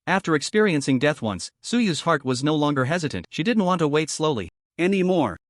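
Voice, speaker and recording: A man reading a scripted story recap in an even storytelling cadence. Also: fairly high pitch, a little fast, no room sound, studio quality. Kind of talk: scripted narration.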